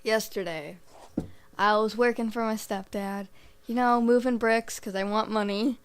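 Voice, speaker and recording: A woman's voice: mid-range voice, steady tone, measured pace, clear, resonant tone. A teenage girl guesting on a casual podcast, telling mishap stories in a laid-back way. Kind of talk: casual storytelling chat.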